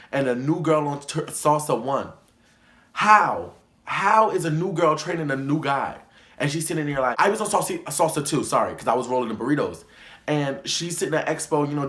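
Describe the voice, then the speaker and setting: A man's voice: medium pitch, a bit bright, reverberant. A young man telling a story time vlog in an emphatic, indignant way, often repeating himself. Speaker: vlogger.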